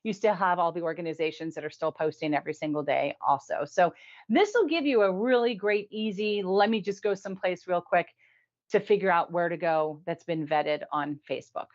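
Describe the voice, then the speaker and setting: A woman hosting a casual weekly review show. She talks in a chatty way, laughs often and drops in quick asides. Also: lowish voice, highs cut off. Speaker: host.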